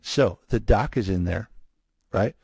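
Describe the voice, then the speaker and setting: Gravelly man telling a lively story. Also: lowish voice, measured pace, no room sound. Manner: animated, acts out others' lines in his story. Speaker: guest, cardiac arrest survivor. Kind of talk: storytelling in a casual interview.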